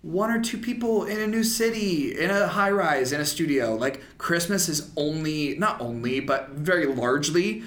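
A man's voice: fairly high pitch, animated, normal speed, few pauses, fairly bright tone, echoey room. A man co-hosting a podcast, talking in an earnest, reflective way with hesitant restarts. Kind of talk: casual chat.

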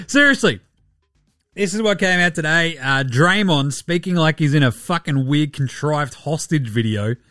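An Australian man rants as a podcast host, exasperated and mocking, swearing freely. His voice sits high and swings widely in pitch. The sound is bright and dry, with soft music underneath. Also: animated, measured pace, no echo. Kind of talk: ranting commentary.

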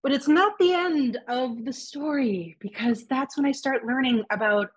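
A woman's voice: high-pitched, a little slow, slightly rough. A woman telling a personal story in casual podcast chat, candid and swearing freely, acting out what others said. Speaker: podcast guest.

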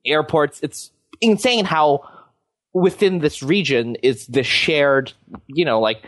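A man's voice: on the high side, slow pace, no echo. A young man from Canada chatting casually as a podcast host, rambling with plenty of fillers like "like" and "you know". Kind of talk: casual chat.

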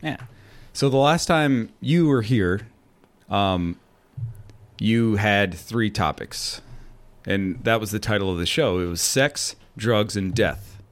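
A man's voice: on the low side, takes it slowly. A man hosting a casual podcast, loose and laughing as he drinks shots with a guest. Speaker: podcast host. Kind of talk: casual chat.

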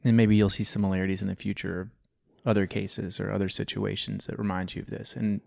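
Man, podcast co-host, gravelly voice, lowish pitch, calm, reflective. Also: fast talker, no echo, studio quality. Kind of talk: casual podcast discussion.

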